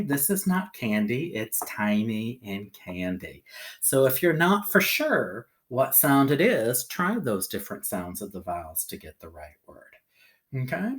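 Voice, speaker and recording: A man teaching a children's phonics lesson, sounding out letters slowly and patiently, often checking in with "okay" and "alrighty". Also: mid-range voice, wildly swooping pitch.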